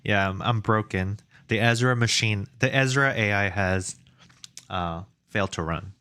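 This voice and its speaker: A young man streams game development from home, speaking into a desk microphone in a fairly low, unhurried voice that's pushed and bright yet clean, on a dry recording. He chats casually and rambles, reading the chat aloud and making self-deprecating jokes.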